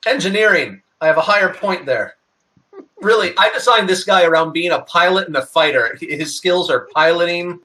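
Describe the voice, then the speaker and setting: A man with a high, bright voice talks as a player in a tabletop game. He rambles eagerly and runs one idea into the next. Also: fairly quick. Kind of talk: casual tabletop game chat.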